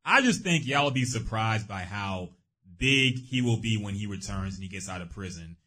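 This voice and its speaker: Dude on a podcast, bright lively voice with a husky edge, jumps in agreeing a lot. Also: male voice, lowish voice. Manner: animated, quick agreeing interjections. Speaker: podcast co-host. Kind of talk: casual chat.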